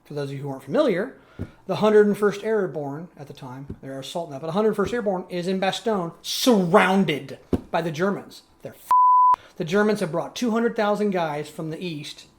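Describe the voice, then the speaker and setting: Rambling man with a slightly high voice. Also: wildly swooping pitch, moderate pace, a bit bright, a little hiss or hum. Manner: rambling storyteller, many restarts and fillers. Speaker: podcast co-host. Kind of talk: casual chat.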